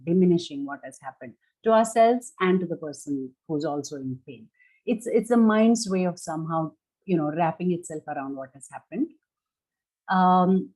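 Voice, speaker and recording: A middle-aged woman therapist giving a reflective talk on grief, explaining in a measured way with frequent fillers and restarts. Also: lowish voice, warm tone, rough recording.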